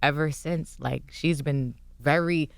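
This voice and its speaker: Guest: young woman, smooth clear tone, lively story-telling, dry close studio mic. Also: low-pitched, slow pace, no room sound. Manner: animated storytelling, acting out quotes. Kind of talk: casual interview chat. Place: radio studio. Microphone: studio microphone.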